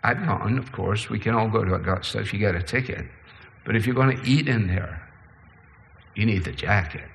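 A man preaching a sermon, shifting between slow, low passages and quicker, higher ones. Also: gravelly, fairly bright tone, in a large hall. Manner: preaching with sweeping pitch and pace changes. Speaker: pastor.

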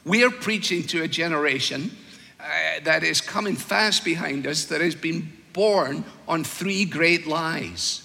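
Older preacher, gravelly and bright. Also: male voice, fairly high pitch, long reverb tail. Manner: storytelling, with wry humor and slow, weighed emphasis. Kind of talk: sermon.

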